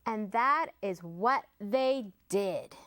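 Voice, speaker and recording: A woman librarian reading a picture book aloud to children in a slow, sing-song storytelling manner. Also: medium pitch, animated, fairly bright tone, dry recording.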